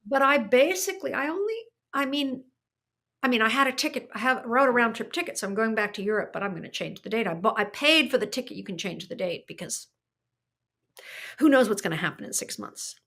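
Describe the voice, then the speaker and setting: This older woman's voice is a little high, animated, fairly quick and fairly bright. As an artist guesting on a podcast, she tears up while reflecting on her story conversationally, thoughtful and emotional, often restarting what she says.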